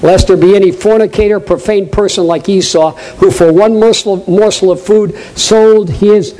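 High-voiced preacher with a New England accent. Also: male voice, fairly even intonation, normal speed, low-quality recording. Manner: emphatic preaching, swinging between loud high stresses and low quiet asides; draws the congregation in with direct questions. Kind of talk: sermon.

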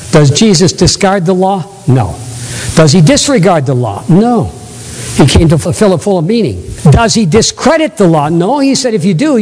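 A man's voice: high voice, a little mellow, long reverb tail, low-quality recording. A male pastor preaching a sermon with exuberance, prompting the congregation to call back answers. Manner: exuberant, calls for audience responses. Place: church sanctuary.

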